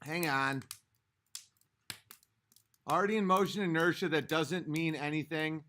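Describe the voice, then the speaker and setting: A man with a voice on the high side and a sharp tone speaks unhurriedly, with slight background noise. Hosting a late-night livestream a few drinks in, he rants heatedly, swears a lot, and reads chat comments aloud.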